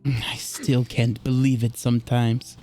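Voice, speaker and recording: A man's voice: medium pitch, little pitch movement, measured pace, dark tone, faint music behind, voice pushed down, close to an everyday voice. A man playing a loyal subject who greets his returning queen in a courteous, relieved way. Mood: glad.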